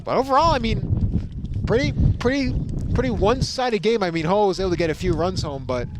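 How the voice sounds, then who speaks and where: A young man from Massachusetts doing rambling, chatty commentary at an outdoor baseball game. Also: high-pitched. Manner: chatty, rambling, quick to laugh. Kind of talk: casual play-by-play banter. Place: outdoors at a ballfield. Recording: loud wind noise outdoors.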